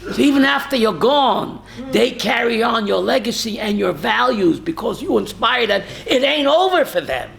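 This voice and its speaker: A man's voice: very high voice, expressive, normal speed, creaky, fairly bright tone. A man, a rabbi, teaching a Torah class who quizzes his listeners by name and tells stories with feeling. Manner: emotional storytelling, mixes in Yiddish and Hebrew words.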